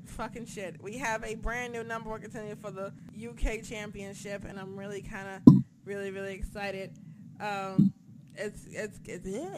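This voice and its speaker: A woman chatting casually about a wrestling show, excitable, swearing a lot and losing track of names as she talks. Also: mid-range voice, background noise. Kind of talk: casual chat.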